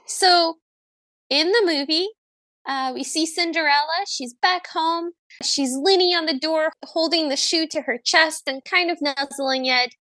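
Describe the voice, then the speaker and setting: On a podcast she co-hosts, this woman chats through a movie recap with a wry sense of humor, occasionally putting on voices. She talks a little slowly in a high, pushed, bright voice, with no room sound in the recording.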